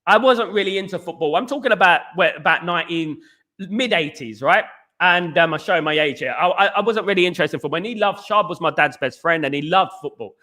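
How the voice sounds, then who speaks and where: A middle-aged man with a Cockney accent hosts a live football chat, his voice high and bright with a sharp edge. He rambles, repeats himself, and breaks off to read out viewer comments. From East London, England. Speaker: podcast host. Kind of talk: casual live-stream chat.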